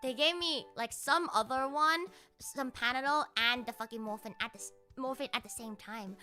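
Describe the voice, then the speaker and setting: Young streamer girl, high bright voice, cursing a lot and doing silly voices, faint music behind. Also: normal speed. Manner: animated, swears a lot, laughs often, mimics others with big pitch jumps. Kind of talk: casual livestream storytelling.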